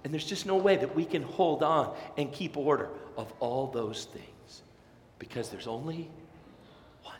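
A man's voice: a little high, a little slow, slight background noise. A male pastor preaching a sermon with energy, acting out the voices of people in his congregation. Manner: animated, acts out voices of listeners; energetic, fired up. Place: large church sanctuary. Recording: echoey sanctuary with long reverb.

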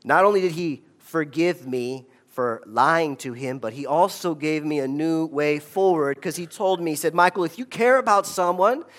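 Guy telling a story to a crowd, kinda high voice, chatty, keeps asking right?. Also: moderate pace, hardly any pauses. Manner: conversational, asks the audience "right?". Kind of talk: storytelling talk.

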